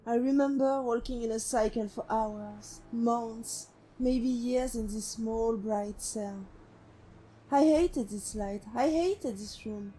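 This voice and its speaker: Brief: actress as a haunted female synth ex-killer, mellow and slightly high, slow and brooding, soft music behind. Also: slight background noise. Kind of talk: game companion monologue. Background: faint music.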